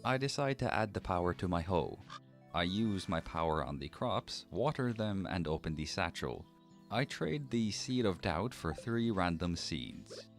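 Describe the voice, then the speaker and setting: A young man narrating his gameplay in a deadpan, mock-formal comic way. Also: low-pitched, measured pace. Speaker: gaming channel narrator. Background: faint game background music.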